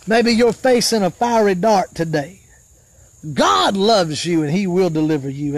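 A man preaching a live sermon fervently, rising to shouts and dropping to murmured praise in between. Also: high-pitched, expressive, measured pace.

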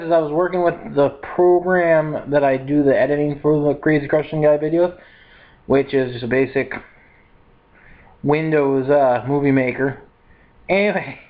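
A man in his twenties chats straight to camera with a fairly high voice, rambling from one thought to the next. He laughs often and drops plenty of filler words. The audio sounds a little dull and lo-fi. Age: 20s. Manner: rambling and upbeat, with frequent laughs and "like". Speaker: vlogger. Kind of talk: casual chat to camera.

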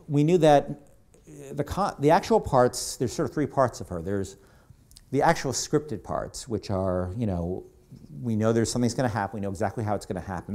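Man at a stage talk, warm low-key voice, chatty and digressive, mid-range pitch. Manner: conversational, rambling, with many asides. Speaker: game creative director giving a talk. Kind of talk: live presentation to an audience. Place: event hall on stage.

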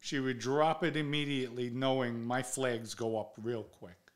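Middle-aged New man, podcast host, blunt and fired up, swears, mid-pitched. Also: steady tone, moderate pace. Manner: blunt, heated, swears freely. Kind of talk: personal storytelling monologue.

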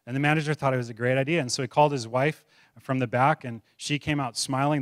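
Pastor telling a story in a sermon. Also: male voice, mid-range voice, quick pace, dry recording, clean studio sound. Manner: animated storyteller, voices the characters' quotes. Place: church sanctuary.

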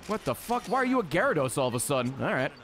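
Excitable, swearing man voicing game commentary. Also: on the high side, rapid-fire. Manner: excitable, swears a lot, talks to game creatures. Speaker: let's play host.

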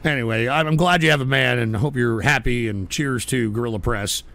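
A man's voice: medium pitch, brisk, fairly bright tone. A male livestream host giving casual live-show commentary with profane, irritable rants.

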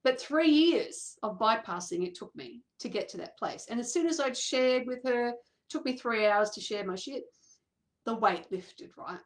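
In a slightly high voice at ordinary speed, a woman who works as a coach relates a personal story to listeners, lively throughout, voicing the people she quotes and laughing frequently.

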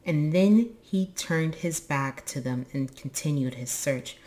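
A woman reading a children's book aloud in an expressive, lively way. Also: sits low, takes it slowly. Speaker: storybook reader.

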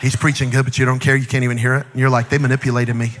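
A male pastor preaching a lively sermon to a church congregation, mixing jokes and playful acted-out asides with rising, shouted exhortations. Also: medium pitch, very fast, heavy background noise. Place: large church auditorium. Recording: long hall reverb.

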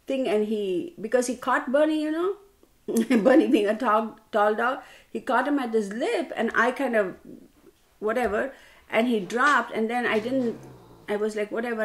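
A woman tarot reader ranting casually to her audience, telling a story in an animated, exasperated way and calling her listeners y'all. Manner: animated, exasperated storytelling with sudden pitch jumps.

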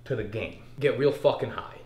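A young man hosting a comedy sketch, brash and rambling, breaking into loud yells. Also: medium pitch, moderate pace. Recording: echoey room.

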